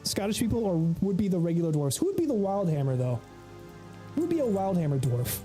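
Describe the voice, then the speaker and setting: A man's voice: sits high, very animated, fast talker, warm tone, faint music behind. A man from the American South with a Southern accent, chatting casually and jokingly to his chat while livestreaming a game. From United States. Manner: joking, rambling, talks to chat. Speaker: streamer.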